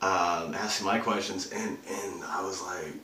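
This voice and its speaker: A man's voice: sits low, unhurried, bright, forceful tone. An actor performing his own monologue as a rattled, foul-mouthed young man, rambling with fillers and restarts. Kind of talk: self-written dramatic monologue. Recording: roomy echo, mic at a distance.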